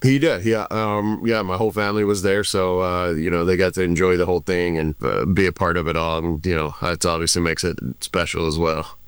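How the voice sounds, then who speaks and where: A man in his forties, a former baseball pitcher, answering interview questions in a laid-back, reflective way with frequent restarts. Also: steady tone, brisk, few pauses, clean tone, no echo. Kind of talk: casual interview.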